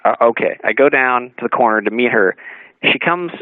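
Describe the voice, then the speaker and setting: A man, an author guest on a radio talk show, telling an anecdote in a lively way, acting out dialogue and laughing often. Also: mid-range voice, brisk, dry recording. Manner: animated storyteller, acts out dialogue, laughs often. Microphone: phone call-in. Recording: narrowband phone line, dry.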